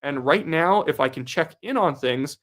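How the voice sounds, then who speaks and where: A man's voice: a little high, expressive, moderate pace, a bit bright. A young man from Canada hosting a casual live stream, chatting and reading out viewer comments. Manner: reads viewer comments aloud, chatty and upbeat. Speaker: livestream host.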